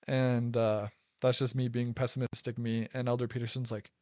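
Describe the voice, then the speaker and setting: A man's voice: medium pitch, steady tone, moderate pace, dry recording, clean studio sound. A young man casually telling a personal story, rambling, with lots of "like" and restarts. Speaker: podcast host telling personal stories.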